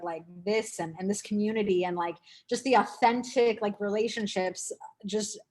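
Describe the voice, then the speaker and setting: A young woman sharing her recovery story in a halting, heartfelt way, full of fillers and restarts. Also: lowish voice. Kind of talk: casual emotional sharing.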